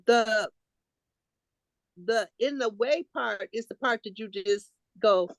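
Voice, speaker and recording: A woman leads a group coaching call over video, her voice a little high and very animated. She acts out little inner voices as she explains. The sound is dry and close. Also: slow, no room sound.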